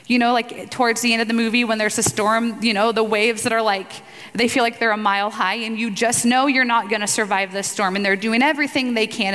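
Brief: woman leading a relaxed devotional talk at a group event, chatty, long hall reverb. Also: fairly high pitch. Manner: casual and chatty, with fillers and asides. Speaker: speaker at a church gathering. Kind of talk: conversational devotional talk with scripture reading. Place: room with tables for the group.

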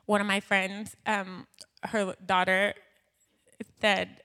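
A woman's voice: mid-range voice, little pitch movement, takes it slowly, pushed and bright. Emotional woman sharing a church testimony. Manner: conversational with fillers, emotional. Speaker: church speaker. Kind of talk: personal testimony in a church talk.

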